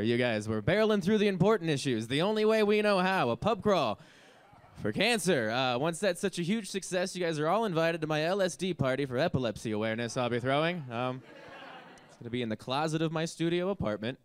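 A man's voice: on the high side, animated, fairly quick, clean tone. Rambling young man doing stand-up. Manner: rambling, offhand, heavy on filler words. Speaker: stand-up comedian. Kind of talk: stand-up comedy set. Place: comedy stage with a live audience.

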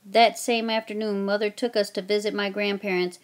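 A woman narrating a children's historical story in a steady, plain reading voice. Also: mid-range voice, moderate pace. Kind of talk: reading a children's book aloud.

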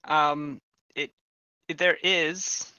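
A man's voice: on the high side, steady tone, drawn-out words, sharp tone, clean tone, no room sound. A man running a tabletop game as game master, dry and wry.

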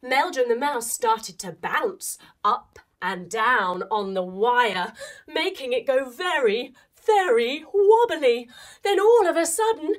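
A young adult woman telling a playful children's story while guiding a yoga class, with expressive delivery and movement cues. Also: high-pitched, slow pace. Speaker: kids yoga teacher and storyteller.

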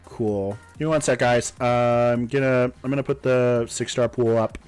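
A man's voice: medium pitch, steady tone, normal speed, darkish tone, smooth. Young male game streamer, a bit sick with a cough, casual and chatty, with faint music behind. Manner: casual, chatty, thanks viewers by name. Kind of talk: live-streamed game commentary.

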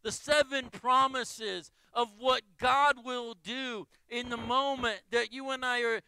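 A male pastor delivers a sermon in an unusually high, bright and forceful voice. His speech is slow and deliberate. He presses each point by repeating phrases in building lists, and the sound is dry and close. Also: steady tone, clean tone, no echo, low-quality recording.

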